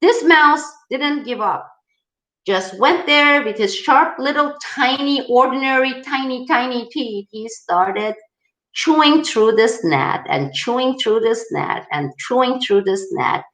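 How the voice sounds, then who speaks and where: A woman's voice: sits high, expressive, unhurried, fairly bright tone, echoey room, low-quality recording. A woman hosting a political channel, answering viewer questions in an emphatic, rallying way. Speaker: host of a political video channel. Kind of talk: live-style viewer Q&A.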